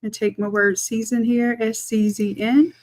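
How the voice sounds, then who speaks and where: A woman, a design instructor chatting through a live-streamed software tutorial, talking to viewers as y'all and thinking aloud as she works. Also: fairly high pitch, little pitch movement, unhurried.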